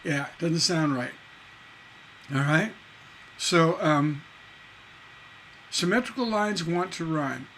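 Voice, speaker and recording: Middle-aged guy teaching songwriting, kinda high voice, punchy, sings bits of lyrics, faint hum behind. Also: slow, long pauses, low-quality recording. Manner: lively, emphatic teaching, sings and recites lyric lines. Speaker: songwriting instructor. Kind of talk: livestream songwriting lesson.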